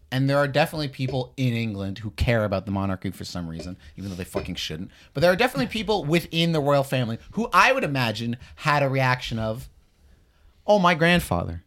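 A man's voice: medium pitch, bright, forceful tone. A man from Canada co-hosting a casual podcast, with an ordinary mid-range voice. He talks bluntly and emphatically, swearing freely as he makes his case. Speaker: podcast co-host.

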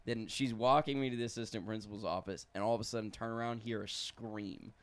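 A man's voice: lowish voice, fairly even intonation, fast talker, clear, resonant tone. A man hosting a casual podcast, telling a story loosely with a lot of swearing.

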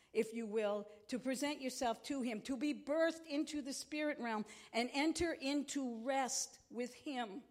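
A woman's voice: on the high side, a little mellow. A middle-aged woman pastor preaching a sermon in an impassioned, conversational way.

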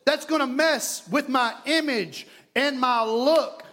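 A man preaching a sermon as pastor, moving between loud exhortation and quiet, hushed prayer. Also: very high voice, slow. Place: church sanctuary. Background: congregation.

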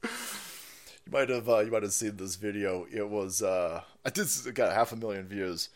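A man hosting a livestream, ranting with heavy profanity and mockery, swinging from loud outbursts to low mutters. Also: moderate pace. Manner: profane, mocking, swings between shouting and muttering, laughs often. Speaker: livestream host. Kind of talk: ranting live commentary.

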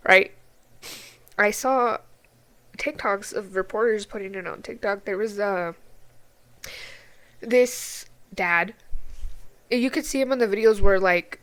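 A woman's voice: mid-range voice, a bit bright. Woman podcaster, blunt n swears a lot, kinda teary, talks pretty normal. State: tearful. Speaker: podcast co-host. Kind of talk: casual podcast chat.

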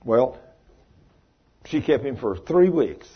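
A man preaching a sermon, telling a story in a folksy, animated way and acting out the voices in it. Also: mid-range voice, slow, breathy edge. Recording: dull lo-fi sermon recording.

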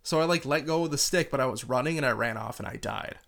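Man, gravelly voice, casual podcast chat, rambling, sweary. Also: medium pitch, quick pace, fairly bright tone. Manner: rambling, sweary, prone to rants. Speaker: podcast co-host.

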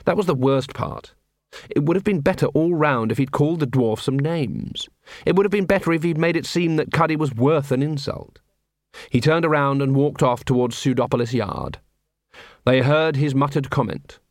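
A man's voice: fairly high pitch, normal speed, dry recording. Man narrating in a dry close voice. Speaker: audiobook narrator. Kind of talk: storytelling narration.

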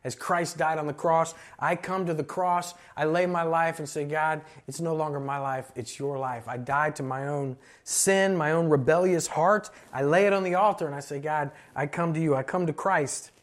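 A male pastor preaching a sermon, emphatic and slowing down to stress key phrases. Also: on the high side, fairly even intonation.

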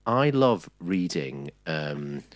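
A playful male podcast host with a very deep voice that swings widely in pitch. He chats loosely and reads headlines aloud with teasing asides. The sound is dry and close. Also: very animated, drawn-out words, no echo. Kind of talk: casual chat.

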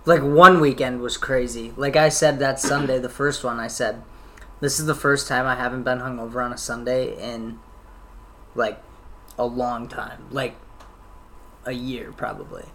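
A man's voice: medium pitch, fairly even intonation, a little slow, fairly bright tone. Casual male storyteller, rambling and laughing, full of "like"; faint noise under him. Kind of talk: casual chat.

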